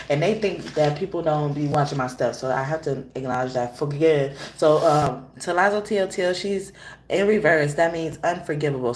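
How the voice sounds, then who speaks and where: A woman's voice: low-pitched, slight background noise. A woman hosting a tarot reading show, talking in a chatty, casual way and laughing often as she tells stories. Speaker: tarot reader and show host. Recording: roomy echo.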